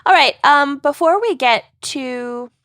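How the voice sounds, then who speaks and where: A woman's voice: high voice, lively intonation, slow pace, fairly bright tone, no echo, clean studio sound. Giggly woman co-hosting a podcast. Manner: giggly, loose and chatty. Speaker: podcast co-host. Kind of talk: casual chat.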